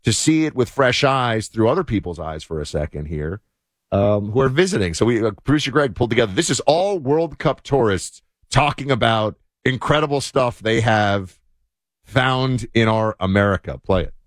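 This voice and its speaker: A man's voice: mid-range voice, animated, normal speed, no room sound, studio quality. A man hosting a talk show, chatting casually with many fillers. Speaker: show host. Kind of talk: casual political commentary.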